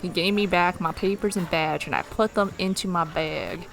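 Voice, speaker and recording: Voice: mid-range voice, normal speed, vocal fry, few pauses, fairly bright tone, slight background noise. A streamer reading a western story game aloud, with playful asides.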